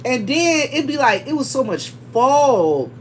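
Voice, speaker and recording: A middle-aged woman, casually telling a story to her viewers, animated and chatty, often calling them y'all and breaking into laughs. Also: high-pitched, unhurried, slight background noise. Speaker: vlogger.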